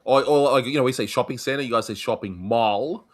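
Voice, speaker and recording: A man's voice: mid-range voice, fairly quick. A man with an Australian accent hosting a casual chat, joking and bantering with his guest. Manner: jokey, lively banter. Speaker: host.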